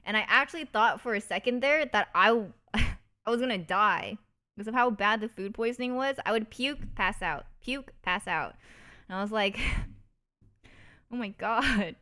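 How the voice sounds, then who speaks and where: A woman streamer talks casually to her viewers at a middle pitch, chatty and easygoing. She tells her stories in a loose, giggly way. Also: unhurried, sharp tone.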